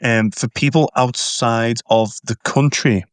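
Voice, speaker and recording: A man's voice: medium pitch, fairly even intonation, a little slow, clean tone, dry recording. A man from Liverpool with a Scouse accent, telling local history as a tour guide in a casual interview, enthusiastic and given to repeating words. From Liverpool, England.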